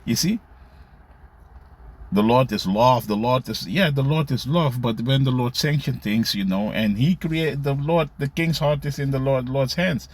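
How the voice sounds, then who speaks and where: A man offers casual scripture commentary, reading verses aloud and tacking "you see" and "man" onto his lines. His voice has medium pitch and a slightly slow pace.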